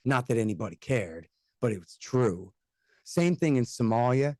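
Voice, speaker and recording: American guy ranting sarcastic on a podcast, mid pitch, dry close sound. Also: expressive, darkish tone, no room sound. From United States. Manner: blunt, sarcastic, rapid ranting with mocking quoted voices. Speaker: guest, antiwar radio host and author. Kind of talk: casual podcast interview.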